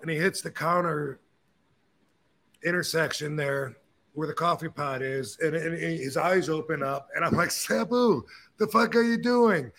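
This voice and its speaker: A man hosting a podcast, telling stories and opinions in a casual, animated way, with frequent swearing. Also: on the high side. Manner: animated, profane storyteller. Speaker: podcast host. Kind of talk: casual chat.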